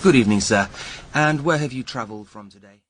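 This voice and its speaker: An actor playing a courteous, formal immigration officer questioning a traveller in a scripted dialogue. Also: male voice, mid-range voice, fast, fairly bright tone, slight background noise, natural voice.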